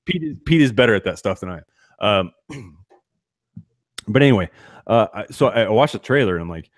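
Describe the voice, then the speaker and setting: Rambling low-voiced podcast co-host. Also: male voice, lively intonation, moderate pace, no room sound, studio quality. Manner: rambling, self-deprecating, many restarts and fillers. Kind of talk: casual chat.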